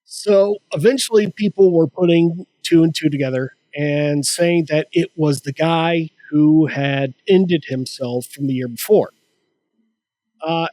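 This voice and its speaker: Slow-talking man telling a story. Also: on the high side, warm tone, no echo, poor audio. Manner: slow, halting delivery with many restarts. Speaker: podcast host. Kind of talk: casual comedic storytelling.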